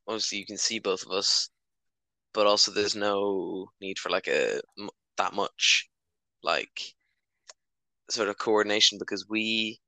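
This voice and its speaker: Teen male co-host, low-ish bright voice, chatty and giggly. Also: vocal fry, dry recording. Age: teens. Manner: rambling, laughs often. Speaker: podcast co-host. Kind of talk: casual chat.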